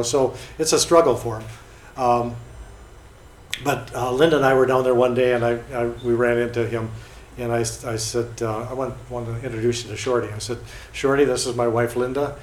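Hesitant man telling stories, echoey room. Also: medium pitch. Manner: hesitant, many fillers and restarts. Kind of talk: casual storytelling. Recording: echoey room with faint noise.

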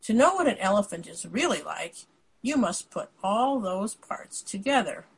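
A woman voicing a wise, gentle storybook prince in a calm, measured read-aloud. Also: medium pitch, slightly rough, heavily acted, poor audio.

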